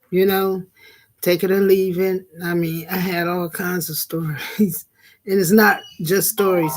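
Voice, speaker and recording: A middle-aged woman talks slowly to her live-stream viewers, sermonizing in a relaxed, conversational way. She circles back and repeats key phrases for emphasis and breaks into laughter at times. Her voice sits a bit low. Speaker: vlog host and minister. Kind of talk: casual live-stream commentary.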